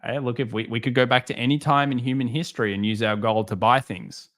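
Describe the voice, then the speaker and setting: A man hosting a live market stream, reading viewer comments and answering them with sarcastic jokes and animated stories. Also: mid-range voice, fast. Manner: sarcastic, joking, animated storytelling.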